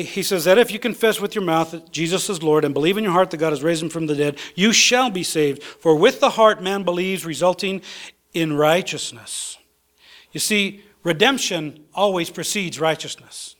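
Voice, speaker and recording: A man as pastor preaching a sermon in a church, reading scripture and repeating key phrases for emphasis. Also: sits high. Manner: reads scripture aloud with fillers between.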